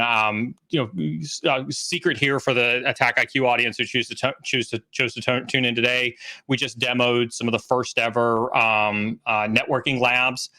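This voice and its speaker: A man's voice: mid-range voice, bright, forceful tone. A man in his forties, a guest on a livestream interview, speaking earnestly and emphatically, repeating key phrases. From United States. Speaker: guest, cybersecurity trainer.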